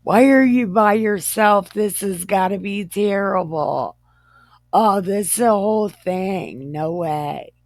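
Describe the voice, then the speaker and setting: A woman's voice: a little high, very animated, drawn-out words, creaky, darkish tone, no room sound, studio quality, voice pushed up, heavily acted. A woman doing a cranky scolding old man. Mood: exasperated. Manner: exasperated, scolding.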